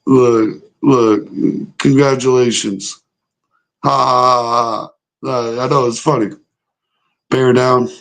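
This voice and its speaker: A man's voice: medium pitch, little pitch movement, slow, vocal fry, long pauses, fairly bright tone. Young man, sports streamer, argues hotly with chat, lots of profanity. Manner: heated, profane, argumentative with chat. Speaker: sports show host reacting live. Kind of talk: casual livestream reaction, reading chat.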